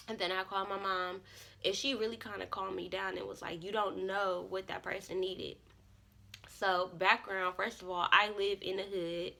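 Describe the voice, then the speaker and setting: A young woman vlogger telling a casual storytime, animated and profane, often jumping into loud quoted self-talk. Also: medium pitch, normal speed, vocal fry.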